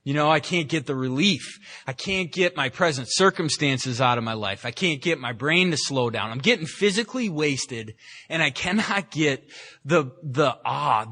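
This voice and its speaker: Speaking in a fairly high, pushed and bright voice, a man from San Francisco, California shares his personal recovery story at an AA meeting. He's candid and pokes fun at himself, with plenty of restarts, in a meeting room.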